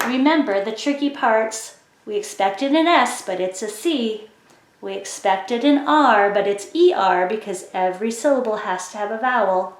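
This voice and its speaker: A woman teaching a phonics lesson to children, explaining slowly and clearly with encouraging prompts. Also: on the high side. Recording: echoey room.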